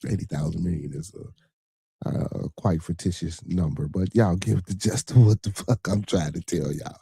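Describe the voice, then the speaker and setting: A man's voice: deep voice, moderate pace, vocal fry, dark tone, slightly rough, dry recording, studio quality. A man with a Chicago accent hosting a podcast, giving blunt, profane money advice in casual chat and often restarting his words. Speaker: podcast host.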